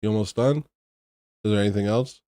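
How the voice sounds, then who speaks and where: Male livestream host, lowish voice, close dry mic, sarcastic and weary. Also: fairly quick, mellow, no echo. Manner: sarcastic, exasperated, mocking. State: tired. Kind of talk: casual livestream talk.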